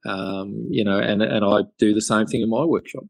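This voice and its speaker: Low-voiced Australian man telling stories. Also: normal speed, creaky, darkish tone, dry recording. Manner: rambling, many fillers and restarts. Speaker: guest chairmaker. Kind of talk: podcast interview storytelling.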